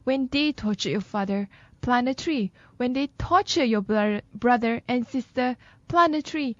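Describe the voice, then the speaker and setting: A woman co-hosting a radio talk show, reading poems aloud slowly and deliberately. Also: fairly high pitch, no echo, lo-fi sound.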